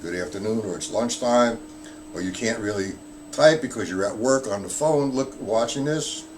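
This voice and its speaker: A man's voice: on the low side, moderate pace. A man teaching a live-streamed drum lesson, explaining strokes patiently and counting beats aloud. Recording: loud background noise.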